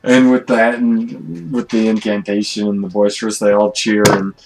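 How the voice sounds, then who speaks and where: A man narrating as game master for an online tabletop game, stopping and restarting often before he settles into unhurried description. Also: fairly low pitch, steady tone, rough recording.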